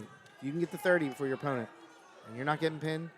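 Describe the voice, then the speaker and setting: A man giving live color commentary on a high school wrestling match, explaining tactics in a conversational way and getting excited at big moves. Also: fast talker. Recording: loud gym crowd and noise behind. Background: cheering crowd in a gym.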